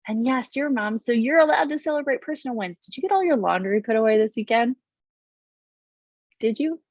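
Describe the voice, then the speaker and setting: A woman in her thirties hosting her own vlog as a business coach, talking to camera in a bubbly, animated way with playful exaggerated voices. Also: a little high, fairly quick, no echo, muffled recording. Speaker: business coach and channel host. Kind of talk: upbeat direct-to-camera vlog.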